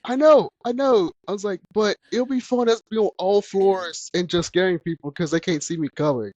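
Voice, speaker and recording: A man's voice: high-pitched, normal speed, a little mellow, no room sound, highs cut off. Laughing man hosting a podcast, dry sound. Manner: laughs often while telling stories. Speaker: podcast host. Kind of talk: casual podcast chat.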